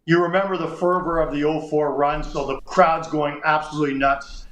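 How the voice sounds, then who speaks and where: Telling a lengthy tale on his sports radio show, this Canadian man acts out each line of dialogue with animation. He speaks a little high and a little fast, in an echoey room on a rough recording.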